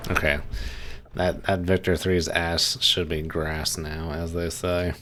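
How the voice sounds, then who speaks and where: A man's voice: low-pitched, little pitch movement, takes it slowly, pushed and bright, a little hiss or hum. A man streaming a naval game, musing aloud in casual commentary. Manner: laid-back, musing aloud.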